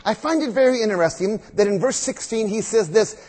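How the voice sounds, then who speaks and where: High-voiced husky preacher in a hall. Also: male voice, darkish tone. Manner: reads scripture aloud, then expounds slowly with emphatic repetition. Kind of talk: sermon. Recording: long reverb of a large hall.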